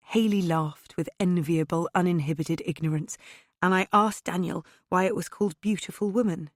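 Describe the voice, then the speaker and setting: Fields: Sex: woman. Role: audiobook narrator. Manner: wry, first-person. Pitch: lowish. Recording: dry, close. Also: normal speed, no room sound.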